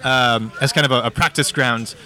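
A man being interviewed who tells stories in an animated, hyperbolic way, full of ums and asides. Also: mid-range voice, moderate pace. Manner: animated, hyperbolic, chatty with fillers. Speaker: guest, storyteller. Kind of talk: casual interview chat.

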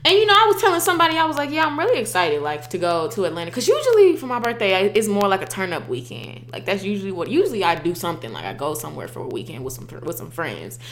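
A woman in her twenties co-hosting a casual chat, animated and playful, often acting out what others said. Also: medium pitch, very fast, few pauses, reverberant, slight background noise. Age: 20s.

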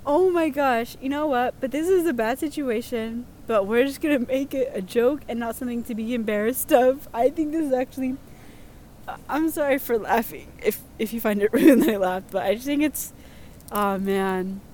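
A woman's voice: on the high side, moderate pace, a little mellow. A young woman casually reading out listener stories, chatty and prone to giggling. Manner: giggly, chatty, lots of fillers. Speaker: host reading listener submissions. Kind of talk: casual chat.

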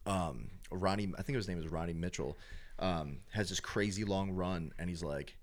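A young man chatting casually as a sports fan, rambling with lots of filler words and getting animated when he acts out fans and announcers. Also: deep voice, normal speed. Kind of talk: casual chat.

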